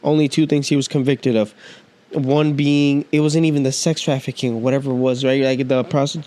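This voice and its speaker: A man's voice: mid-range voice, little pitch movement, moderate pace, warm tone. A man hosting a podcast, ranting in a casual, heated monologue full of profanity and slang. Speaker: podcast host.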